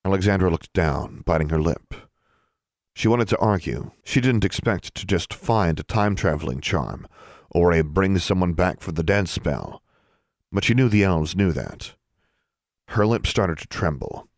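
A man with a very low voice reads a storybook aloud, even and measured. The sound is close and dry with no room around it. His pacing stays steady across long passages. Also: no echo. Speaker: narrator. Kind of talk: audiobook narration.

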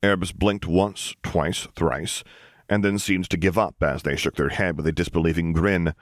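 A man narrates a story as an audiobook in a calm, measured way. His voice is deep, and the recording is close and dry with no room echo. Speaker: audiobook reader.

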